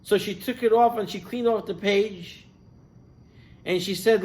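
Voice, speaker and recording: Male rabbi, high-pitched, animated sermon storyteller. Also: unhurried, long pauses. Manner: animated storyteller, voice rising and falling with the tale.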